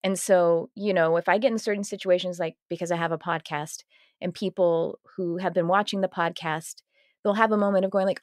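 A woman hosting a podcast, telling stories in a lively, laughing way with lots of restarts. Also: on the low side, brisk, no echo, clean studio sound. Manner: animated storytelling, laughing often, self-interrupting restarts. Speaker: podcast host. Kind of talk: casual conversational interview.

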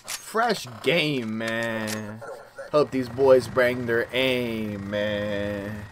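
A man's voice: fairly low pitch, flat delivery, extremely slow, background noise. A man giving casual gameplay commentary, trash-talking with lots of slang. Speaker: gaming YouTuber. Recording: game gunfire loud in background.

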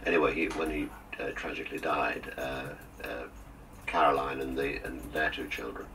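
A man's voice: rumbling low, fairly even intonation, moderate pace, pushed and bright, distant mic, faint music behind, poor audio. An older man, a guest on a radio interview, reminiscing with jokes and theatrical asides. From England. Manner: jokey, theatrical storyteller with asides.

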